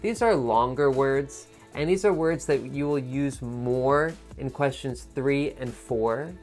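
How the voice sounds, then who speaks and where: A man's voice: mid-range voice, slow, darkish tone, soft background music. Man explaining word stress to test learners. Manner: explains patiently, demonstrates word stress by repeating words. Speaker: test prep teacher. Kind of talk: teaching video commentary.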